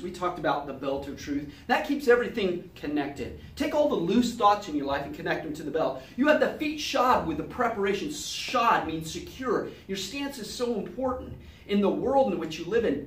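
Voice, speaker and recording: A man teaching Sunday school with a lively, swooping delivery, acting out little scenes as he goes. His voice sounds a little distant from the mic and rings in a roomy, echoey space. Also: high-pitched, normal speed, few pauses. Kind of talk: animated Bible lesson.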